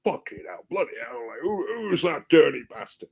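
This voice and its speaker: Brief: man putting on an old caretaker, ranting and swearing in disgust, pitched higher. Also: animated, moderate pace, vocal fry, slightly rough, muffled recording, heavily acted. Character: cursing fed-up old male school caretaker.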